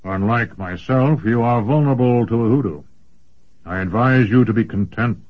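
A man voicing a massive, gruff old male sorcerer who speaks in a rumbling, lecturing way. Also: normal speed, close to an everyday voice. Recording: dull lo-fi recording.

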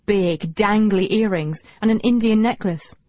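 A woman narrating a novel in the first person, with a lively and wry comic touch. Her voice sits in a middle pitch. The recording is dry and slightly dull. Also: measured pace, no echo. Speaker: audiobook narrator.

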